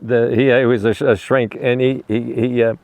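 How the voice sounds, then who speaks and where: Rambling man with a smooth voice. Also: medium pitch, flat delivery, moderate pace, a little mellow, dry recording. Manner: rambling, repeats and restarts words; talks fondly to a dog. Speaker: animal rescuer. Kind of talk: casual storytelling while feeding a dog.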